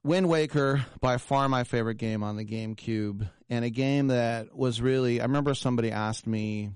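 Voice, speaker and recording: A man hosting a radio talk show, telling an animated, self-deprecating story in casual chat. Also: mid-range voice, moderate pace, clear, resonant tone, no room sound, studio quality.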